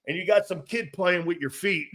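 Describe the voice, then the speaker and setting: High-voiced rowdy man hosting sports talk. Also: normal speed, a bit bright. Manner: rowdy, joking, laughs often, rambling. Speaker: sports talk show host.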